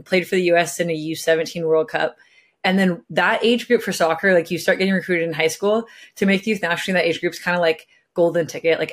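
A young woman from California, a guest telling her story in a casual chat, bubbly and full of filler words. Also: lowish voice. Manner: bubbly, lots of filler words, acts out quotes. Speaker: guest, professional soccer player.

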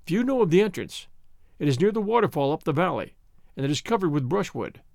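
Man doing a quiet, scheming jailer. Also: a little high, sing-song, vocal fry, dry recording, studio quality. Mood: guarded. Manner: quiet and measured. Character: cautious, scheming male castle jailer.

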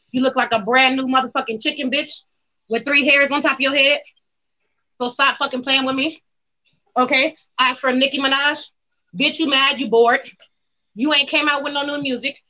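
A high, bright-voiced woman with tears into celebrities. She is brash and crude, firing off insults and swear words. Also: poor audio. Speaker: caller on a celebrity gossip show. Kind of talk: profane celebrity gossip rant.

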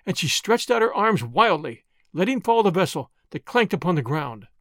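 Male audiobook narrator, measured and dramatic, fairly high voice, dry close recording. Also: very animated, fairly bright tone, no echo. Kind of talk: scripted first-person narration.

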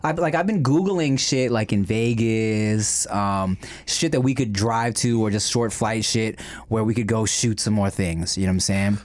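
A young man hosts a food vlog, chatting casually and profanely while he eats. His voice is on the low side at a normal speed, and his manner is laid-back, with frequent use of "dog."

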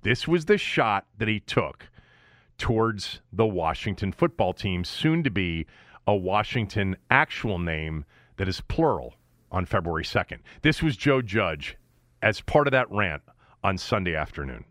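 A man co-hosting a sports talk show, ranting and mocking in an opinionated, animated way. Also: low-pitched, a little slow, dry recording, studio quality. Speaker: sports radio co-host.

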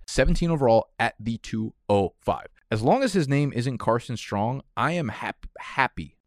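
A man's voice: on the low side, no room sound. A young man hosting a fantasy football show from an office studio, talking in a brash, profane, hyped-up casual way.

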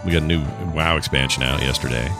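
A man's voice: rumbling low, steady tone, quick pace, music in the background. A man co-hosting a casual morning chat show, telling rambling stories with many restarts and self-interruptions. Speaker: podcast co-host.

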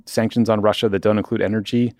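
A man's voice: fairly low pitch, flat delivery, fast talker, a little mellow, dry recording, studio quality. A man hosting a podcast, giving opinionated news commentary with wry asides and frequent ums and uhs. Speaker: podcast host.

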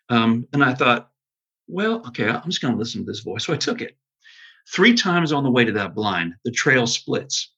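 Casting: husky man telling an earnest field story, on a dull lo-fi recording. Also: mid-range voice. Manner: earnest, animated storyteller with many restarts. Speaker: podcast guest, bow hunter. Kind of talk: storytelling in casual conversation.

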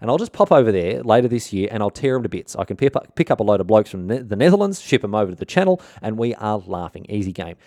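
A man's voice: fairly low pitch, very animated, fast, hardly any pauses, darkish tone, dry recording, clean studio sound. A man doing a cocky blokey king with an Australian accent. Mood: cocky scheming. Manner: swaggering, slangy, boastful. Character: brash blokey Spanish king scheming an invasion.

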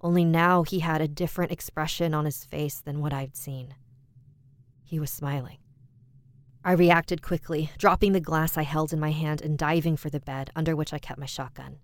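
A woman reading a scripted horror story aloud as a podcast narrator, in a measured, even storytelling delivery. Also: sits low, no echo.

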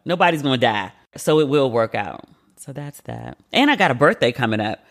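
A man with a mid-range voice chats as the host of a podcast. He is loose and expressive, rambling between plans with casual swearing and self-mocking laughs. He speaks at an easy, everyday pace. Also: medium pitch, brisk, creaky. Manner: chatty and expressive, swears freely, laughs at himself. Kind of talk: casual chat.

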